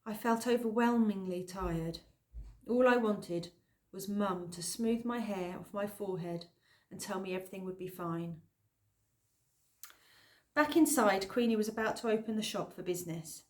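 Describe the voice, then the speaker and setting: Expressive woman reading an audiobook. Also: medium pitch, moderate pace. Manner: expressive, lively storytelling. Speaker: audiobook narrator. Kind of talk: scripted narration.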